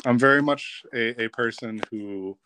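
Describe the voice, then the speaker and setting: A man, a guest on a podcast, tells a funny camp story in a lively, casual way and laughs as he goes. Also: medium pitch, unhurried, clean tone. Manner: lively, laughs while telling stories.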